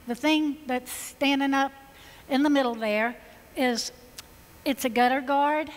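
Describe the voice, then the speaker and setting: Chatty Southern woman with a Georgia accent. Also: fairly high pitch. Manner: chatty, enthusiastic, folksy. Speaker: floral designer presenting on stage. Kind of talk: live stage design demonstration. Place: stage at a symposium in a large hall. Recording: long reverb of a large hall.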